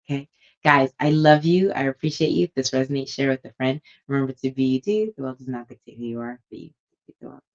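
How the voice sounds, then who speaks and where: A woman's voice: extremely low pitch, fast, lo-fi sound. A young woman and stylist chatting casually to camera at home, rambling and enthusiastic. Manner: chatty, rambling, warm with customers. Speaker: vlogger and stylist.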